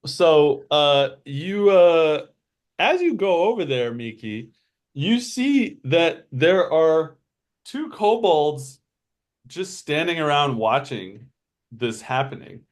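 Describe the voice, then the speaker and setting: Male game master, relaxed slow delivery, rambling narration. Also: on the high side. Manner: unhurried, full of fillers. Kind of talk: running a tabletop game.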